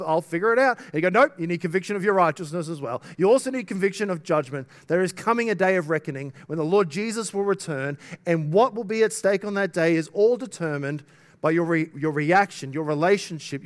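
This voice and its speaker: A man preaching a sermon in an earnest, conversational way, often turning to the listeners with rhetorical questions. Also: high-pitched.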